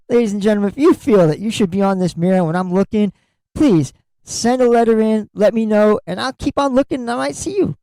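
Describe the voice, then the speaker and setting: A man's voice: high voice, brisk, dark tone, no room sound, low-quality recording. A middle-aged man hosting a solo podcast, talking bluntly and candidly and swearing freely. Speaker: podcast host.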